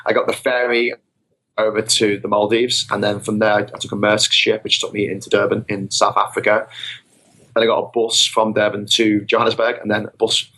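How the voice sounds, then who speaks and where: Podcast guest, male, slightly low and bright, rambling self-mocking storyteller. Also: flat delivery, brisk. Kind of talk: casual storytelling. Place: podcast recording.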